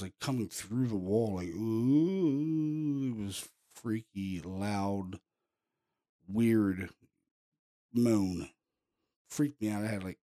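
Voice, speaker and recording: Casting: low-pitched man, casual storyteller, lively, lots of fillers. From Pennsylvania, US. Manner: animated, heavy on fillers like "you know" and "boom". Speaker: paranormal investigator telling a case story.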